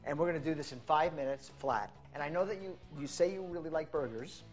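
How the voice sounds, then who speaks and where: A woman coaching a cook through a quick healthy meal in a home kitchen, upbeat and always checking in with "okay?". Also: low-pitched, a little mellow. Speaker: nutrition coach. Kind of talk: cooking demonstration. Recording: dull lo-fi sound with music behind.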